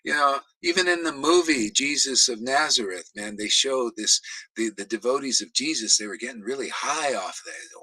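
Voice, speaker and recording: A man in casual spiritual chat, rambling and animated, acting out quotes as he talks. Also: medium pitch, normal speed, slightly rough, dry recording, rough recording. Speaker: spiritual teacher.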